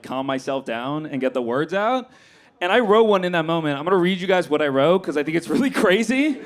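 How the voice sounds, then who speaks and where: A young man performing a stand-up comedy set on a club stage, acting out his own lines in an animated way. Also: on the high side.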